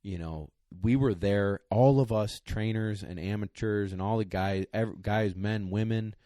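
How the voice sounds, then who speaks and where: A man with a very deep voice tells a long story in casual podcast chat, rambling and getting emotional. He sounds close to tears, his voice catching as he goes on. The sound is dry and close, with no room around it. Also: unhurried, mellow, dry recording. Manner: emotional, rambling, choked up at times. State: tearing up. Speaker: podcast co-host, dog trainer.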